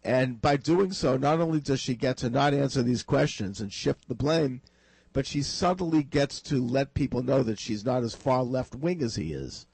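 Tired husky male talk radio host. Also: mid-range voice, moderate pace, a little mellow, no room sound, low-quality recording. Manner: emphatic, predicts with conviction. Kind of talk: political talk radio chat.

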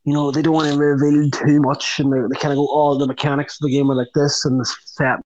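Chatty man, slightly high voice. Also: flat delivery, a little mellow. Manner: rambling, quick to laugh. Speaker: podcast co-host. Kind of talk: casual chat. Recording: dull lo-fi sound.

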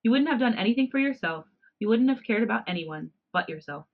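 Brief: woman reading as a proud male cat hybrid leader, cool and lecturing, a bit higher than her own voice, lo-fi podcast audio. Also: lively intonation, quick pace. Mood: cold, proud.

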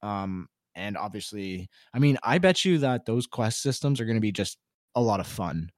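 A man co-hosting a casual gaming chat, talking in a relaxed, rambling way full of fillers. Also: on the low side, moderate pace, no room sound, clean studio sound. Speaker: podcast co-host.

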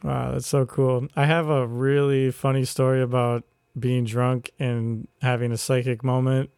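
A man co-hosting a podcast, telling a wild story in a casual, animated way, laughing and swearing as he goes. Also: medium pitch, a little slow, vocal fry, smooth, no echo. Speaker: podcast co-host. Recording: loud background ambience.

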